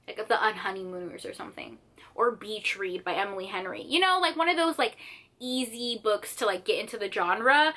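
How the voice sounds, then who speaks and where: A young woman talks casually to her viewers about her favorite books. She gushes in an animated way and fills her speech with "like". Her voice is bright and sits slightly high. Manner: gushing, animated, lots of "like". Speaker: book vlogger. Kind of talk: casual chat.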